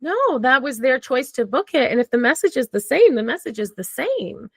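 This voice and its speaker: A woman's voice: sits high, sing-song, a little fast, gravelly, dry recording. A woman talking candidly and casually as a podcast guest, swearing freely and acting out her own thoughts. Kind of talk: casual conversation.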